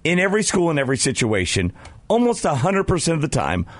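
A man co-hosting sports radio, bantering casually with quick jokes and asides. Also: on the high side, dry recording. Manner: relaxed, joking, quick asides.

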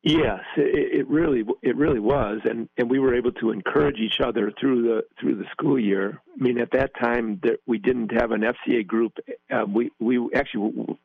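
A man's voice: mid-range voice, normal speed, vocal fry, few pauses, no echo. A man calling in as a guest, speaking earnestly and hesitantly with many fillers. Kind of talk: conversational interview. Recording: tinny phone line.

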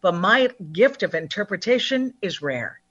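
A woman talking as a numerologist guest in an interview, upbeat and chatty, acting out other people's lines in lively voices. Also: mid-range voice, normal speed, slightly rough, dull audio. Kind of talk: phone-in interview, animated and chatty.

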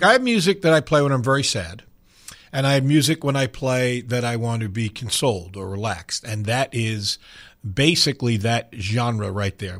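A man's voice: fairly low pitch, fairly bright tone. An older man hosting a sports radio show in a studio, talking in a folksy, rambling way with bursts of mock anger. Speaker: radio sports talk host. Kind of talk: casual sports radio talk.

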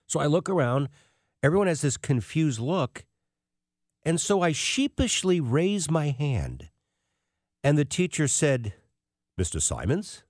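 Sixties male commentator, self-deprecating anecdotes, very lively intonation. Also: fairly high pitch, measured pace, pauses often, no room sound, clean studio sound. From United States. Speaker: financial commentator. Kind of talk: casual storytelling monologue.

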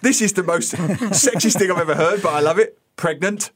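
A man's voice: high voice, moderate pace. Teasing man quizzing on air. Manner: teasing, jokey, laughs often. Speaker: co-host. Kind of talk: playful quiz chat on radio.

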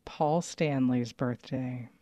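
A woman's voice: extremely low pitch, slow, background noise. A woman co-hosting a radio show, chatting in an upbeat way with plenty of fillers. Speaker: radio co-host. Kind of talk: casual on-air chat. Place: radio studio.

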